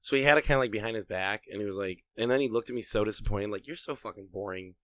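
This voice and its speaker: A man in a casual comedy podcast chat, talking bluntly and teasing the others, telling animated stories. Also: lowish voice, very fast, clean tone, no room sound. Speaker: podcast guest.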